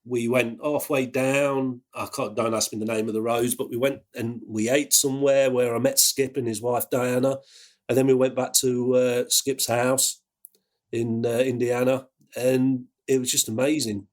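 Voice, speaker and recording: A man with an English accent, an ambulance worker telling a personal story in a halting way, with many restarts. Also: medium pitch, level tone. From England. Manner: halting, full of fillers and restarts.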